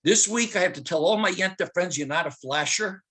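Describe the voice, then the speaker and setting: A woman's voice: fairly low pitch, fairly quick, a bit bright, slightly rough, voice pushed up. A man voicing his elderly immigrant mother with a Polish accent, fussing and scolding in a motherly way.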